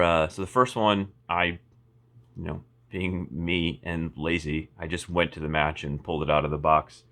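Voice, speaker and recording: A man's voice: low voice, bright, forceful tone. A man giving a casual, rambling product review, full of fillers, restarts and wry asides. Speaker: firearms reviewer.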